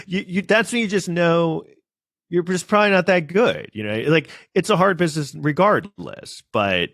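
Male podcast co-host, dry close mic, casual and animated, curses freely. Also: on the high side, normal speed, dry recording. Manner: animated, swears, mimics people in quoted voices. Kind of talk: casual chat.

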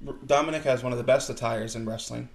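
A man's voice: mid-range voice, fairly even intonation, fast talker, creaky, roomy sound. A man co-hosting a wrestling podcast, chatting casually and enthusiastically. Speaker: podcast co-host. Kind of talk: casual chat.

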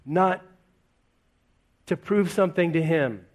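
A man's voice: a little high, slow. A male pastor preaching to a congregation in church. His voice sits a little above the usual male range, and he keeps it conversational, asking the room question after question. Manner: conversational, full of rhetorical questions. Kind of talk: sermon.

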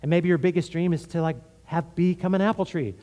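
Animated conversational man preaching. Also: fairly high pitch, fairly quick. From Houston, Texas. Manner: conversational, animated, frequent "right?". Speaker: pastor. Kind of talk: sermon with personal story.

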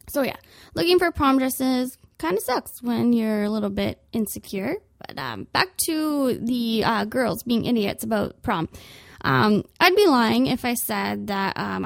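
A young woman with a fairly high voice tells self-mocking comic stories on her podcast. She is sarcastic and animated, and she is recorded close and dry. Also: vocal fry, no room sound. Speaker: podcast host. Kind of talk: comedic monologue. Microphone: podcast microphone.

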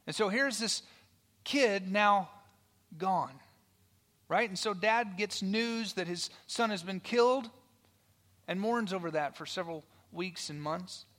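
Male pastor, higher voice, conversational sermon storyteller, loud-to-hushed dynamics. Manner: conversational, with frequent "right?" asides; swings from loud storytelling to hushed near-whisper.

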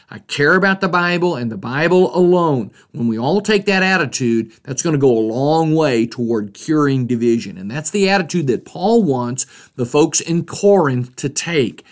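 A middle-aged man hosting a Bible study podcast, explaining verses in an earnest, teacherly way and acting out quoted voices. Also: a little high.

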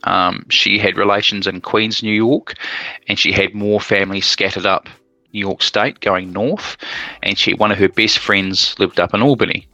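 A man's voice: on the low side, steady tone, normal speed, pushed and bright, no echo, highs cut off. A man with a New Zealand accent, chatting as a guest and telling travel stories with plenty of ums. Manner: chatty storyteller, lots of ums. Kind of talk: casual chat.

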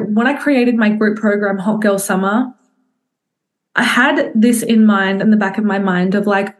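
A woman's voice: mid-range voice, darkish tone. A young woman, a fitness coach talking candidly to her group on a video call, swearing casually and speaking straight to her listeners.

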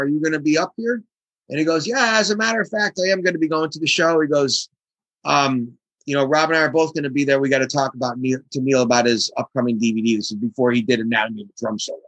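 A man being interviewed as a guest drummer, telling a story in a casual, animated way and acting out the voices of the people in it. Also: a little high, fast talker, no room sound, rough recording.

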